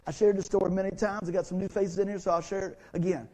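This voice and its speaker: A man's voice: sits high, flat delivery, quick pace, dark tone. A middle-aged man as pastor, preaching a sermon to his church in a folksy, conversational way, acting out the quotes of the people in his stories. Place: church sanctuary.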